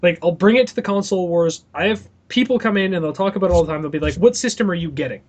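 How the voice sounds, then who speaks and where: High-voiced ranting young man. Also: rapid-fire. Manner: animated ranting with profanity. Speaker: podcast co-host. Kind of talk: casual podcast chat.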